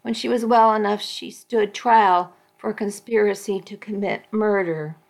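A woman volunteer reading a romance novel aloud for a radio program, in a slow, measured way. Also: mid-range voice, steady tone, vocal fry. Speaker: volunteer reader.

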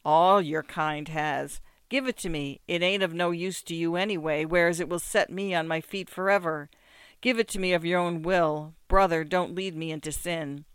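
A man's voice: on the high side, fairly even intonation, normal speed, smooth, no echo, clean studio sound. A man voicing a drunk, grieving peasant who pleads and threatens through tears. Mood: anguished. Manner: loud, tearful, pleading and threatening.

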